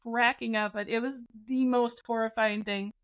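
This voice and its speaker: A woman in her forties, a podcast co-host, telling a scary personal story in a casual, animated way, often laughing. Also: on the high side, normal speed, clean tone.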